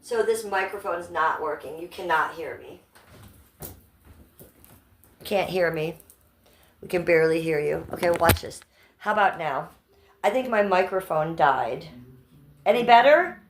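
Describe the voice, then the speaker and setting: A woman's voice: fairly low pitch, measured pace, long pauses. A woman hosting a casual livestream from home on a phone microphone, chatting with viewers and her pets. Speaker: livestream host. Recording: roomy, distant phone audio, faint noise.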